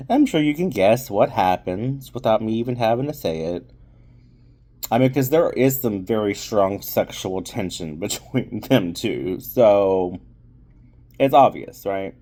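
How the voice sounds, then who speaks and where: A man's voice: fairly low pitch, dark tone. A man giving a casual spoken movie review, rambling with lots of fillers and restarts.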